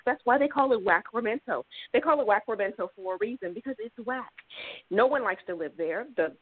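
A woman from Sacramento, California, calling into a talk show and chatting in a relaxed, unhurried way with many fillers. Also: medium pitch. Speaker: caller. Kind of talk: casual phone call. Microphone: phone. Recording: tinny phone line.

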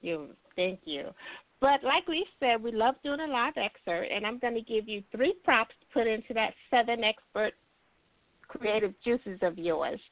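A woman co-host speaking in an unhurried, encouraging way as she hosts a casual chat. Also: a little high, lively intonation, dry recording. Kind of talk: casual talk show hosting. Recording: dry tinny phone-like line.

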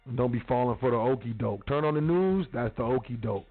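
Male host, mid pitch, blunt slangy monologue, tinny phone-like line, soft music under it. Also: brisk. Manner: street slang, blunt, profane. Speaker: podcast host. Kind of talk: casual monologue.

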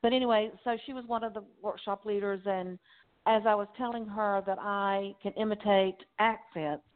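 A woman author as a talk-show guest, rambling through her stories in a relaxed, easygoing way and quick to laugh. Her voice sits at a middle pitch, and the sound comes through thin and tinny, like a phone call. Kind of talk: casual interview chat. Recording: phone-line interview audio.

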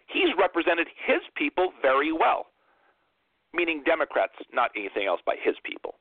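A man's voice: fairly high pitch, breathy edge, no room sound. A man hosting a political talk radio show, lecturing emphatically and repeating phrases for impact. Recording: narrow phone-like dry sound.

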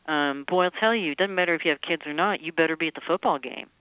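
Guest singer-songwriter woman, smooth but phone-tinny, talks in loose chatty runs, lots of ums. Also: low-pitched, quick pace, no echo. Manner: chatty, rambling with many ums. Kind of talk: casual interview chat.

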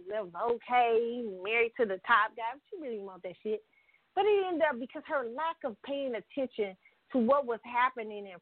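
A woman's voice: fairly high pitch, dry recording. A woman ranting bluntly in a heated, profane vlog, swearing freely and laughing between points. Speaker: vlogger. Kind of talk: profane political rant. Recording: tinny phone-like sound.

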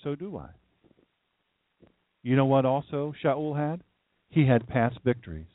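A man's voice: medium pitch, animated, measured pace, dry recording. A man from downstate Delaware preaching a livestream sermon as pastor, folksy and conversational, with rambling asides. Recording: dry, tinny phone-like sound.

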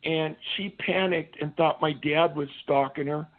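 A man's voice: on the high side, fairly even intonation, a little slow. Army veteran man on a phone line. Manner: earnest, meandering anecdotes. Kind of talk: casual phone-in storytelling.

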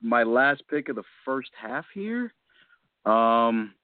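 A man co-hosting a podcast in casual chat, mulling choices aloud and getting excited about them. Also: mid-range voice, slow, no echo. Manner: deliberating aloud, enthusiastic. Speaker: podcast co-host. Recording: tinny phone line, dry.

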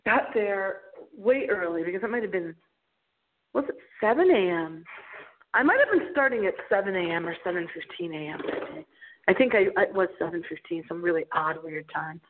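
A woman's voice: lowish voice, animated, normal speed, a little hiss or hum. A woman hosting a late-night radio show, talking in a theatrical, playful, giggly way as she tells a story. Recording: tinny phone line.

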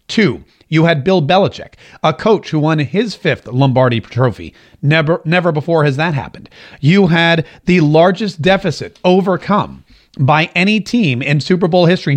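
Animated jokey male talk show host. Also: a little high. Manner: animated, jokey, does voices when quoting people. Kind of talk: casual talk show monologue.

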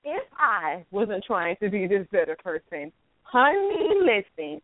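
A woman's voice: medium pitch, huge pitch swings, measured pace. A woman host with a Southern American accent, chatting casually and teasing with laughter. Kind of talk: casual chat. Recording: tinny phone line.

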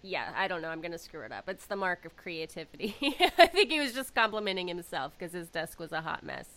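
Bright, enthusiastic woman host. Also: lowish voice, big pitch swings, fairly quick, rough recording. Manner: enthusiastic, laughs often. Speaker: podcast host. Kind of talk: casual interview talk.

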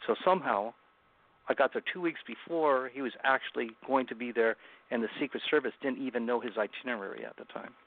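Gravelly man on a tinny phone line. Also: medium pitch. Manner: earnest, halting retelling with many restarts. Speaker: guest author. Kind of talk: personal storytelling in an interview. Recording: phone-like remote call line.

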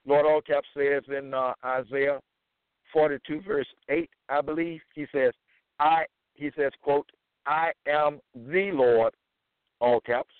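Man, slow deliberate scripture lecture, phone-like audio, dry sound. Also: fairly high pitch, steady tone, clear, resonant tone, no room sound. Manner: slow, deliberate, quotes verses with emphasis. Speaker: religious teacher.

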